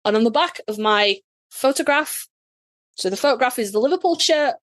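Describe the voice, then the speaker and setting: Yorkshire woman, podcast guest; sassy, sweary, lively storyteller, slightly high voice, dry close mic. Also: normal speed, no room sound. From Yorkshire, England. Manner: sassy, profane, animated storyteller. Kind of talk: casual storytelling chat.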